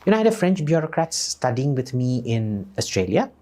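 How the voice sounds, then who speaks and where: A man's voice: medium pitch, big pitch swings, a little fast, a little mellow. A man speaking bluntly and emphatically as an interview guest, often swearing. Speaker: guest commentator. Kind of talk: casual interview talk.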